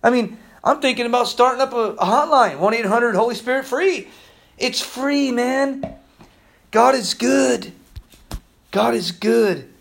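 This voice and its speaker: A man preaching an excitable Bible-study sermon, exclaiming and laughing, slangy, swinging between hushed awe and loud outbursts. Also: extremely high pitch, unhurried, vocal fry.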